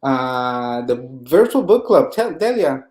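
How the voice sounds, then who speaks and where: Co-host, casual, hesitant, mid pitch, echoey room. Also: big pitch swings, takes it slowly, darkish tone. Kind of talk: casual live-stream chat.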